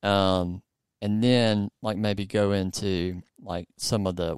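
A man hosting a podcast in a casual chat, with a low, smooth, resonant voice. He rambles through plenty of fillers and restarts, and the sound is dry and close with no room echo. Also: steady tone, slow pace. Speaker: podcast host.

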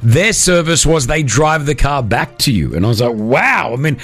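A man's voice: mid-range voice, a little fast. Man hosting radio. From Australia. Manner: storytelling, animated, jokey. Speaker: radio host. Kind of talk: breakfast radio chat. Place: radio studio.

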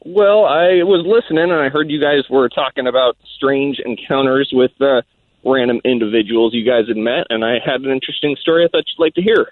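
A man calling in to a radio show, telling a story in a rambling way with lots of pauses and fillers. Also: mid-range voice, dry recording. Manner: rambling, hesitant, many fillers. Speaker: caller. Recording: tinny phone line.

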